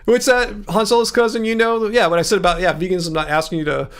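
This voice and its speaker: A man's voice: quick pace, clear, resonant tone. A man from Southern California with a laid-back SoCal accent, hosting a casual livestream and answering chat with a loose, filler-heavy delivery and lots of emphasis. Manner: lively pitch swings, emphasizes words by jumping up. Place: room with musical instruments.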